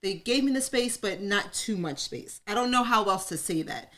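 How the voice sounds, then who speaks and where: Her medium-pitched, slightly bright voice is animated and moderately paced. As co-host of a live talk circle in a room with an audience, she speaks openly about personal matters, chatting candidly, laughing easily, and admitting she overshares.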